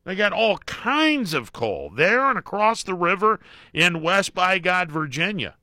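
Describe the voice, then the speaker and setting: A man's voice: high voice, very animated, unhurried, bright, forceful tone, no room sound, clean studio sound. A man hosting a call-in radio show, jokey and folksy, often cutting in on callers. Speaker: radio talk show host.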